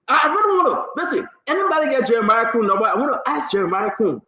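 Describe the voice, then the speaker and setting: A man with a Liberian English accent hosting a live radio talk show, animated and joking, laughing often and pleading with listeners. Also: extremely high pitch, very fast. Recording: echoey room, dull lo-fi sound.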